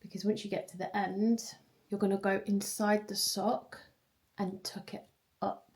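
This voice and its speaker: A young woman talks straight to her viewers in a relaxed, chatty vlog. She is giggly and breaks into quick bursts of excitement, with a voice of ordinary pitch. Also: reverberant. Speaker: vlogger and personal trainer. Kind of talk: casual vlog chat.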